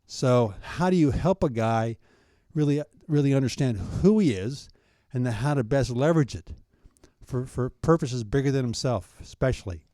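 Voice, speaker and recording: A man's voice: medium pitch, lively intonation, normal speed, mellow, no echo, clean studio sound. A man in his fifties answering interview questions in a thoughtful, earnest way, often restarting his phrases. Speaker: guest, founder of a coaching ministry.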